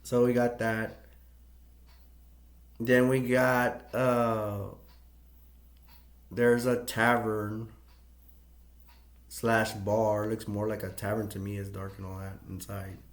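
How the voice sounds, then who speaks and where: Rambling man with a low voice. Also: level tone, slow, pauses often. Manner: rambling, with many fillers and restarts, chuckling. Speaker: movie reviewer. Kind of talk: casual retelling of a film. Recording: echoey room.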